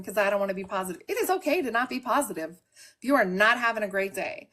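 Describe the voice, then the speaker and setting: A woman's voice: medium pitch, big pitch swings, quick pace, a bit bright. A woman hosting a casual live stream from home, talking candidly and directly to her chat. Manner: candid, plain-spoken, talks to the chat. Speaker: livestream host.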